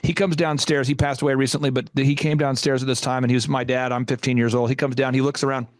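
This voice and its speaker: A middle-aged man hosting a business show, telling a motivational story in an animated way and acting out the people in it. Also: mid-range voice, quick pace, no echo, clean studio sound. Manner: animated, acts out voices in his stories. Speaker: host.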